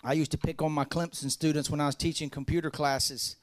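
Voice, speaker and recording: A man preaching a sermon, folksy and joking, rising to loud fervent peaks. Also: fairly high pitch, little pitch movement, fairly quick. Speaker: pastor.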